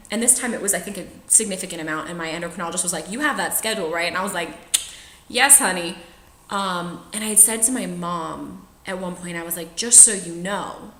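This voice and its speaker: Young woman vlogger, frank and chatty, bright forceful tone, roomy echo; casual storytelling to camera. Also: medium pitch, a little hiss or hum. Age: 20s. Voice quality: trained singer's voice. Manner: chatty, frank, laughs often while telling. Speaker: vlogger sharing personal experience.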